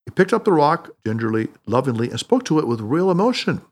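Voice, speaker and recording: A male narrator reading an audiobook with expressive storytelling. His pitch runs slightly high and moves in lively, animated swings. The delivery is scripted and even-paced. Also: fairly quick.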